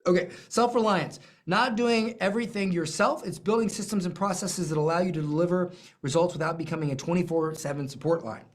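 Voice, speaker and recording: A business coach teaching a live lesson, emphatic and animated, with self-deprecating asides and repeated phrases. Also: medium pitch, fairly quick.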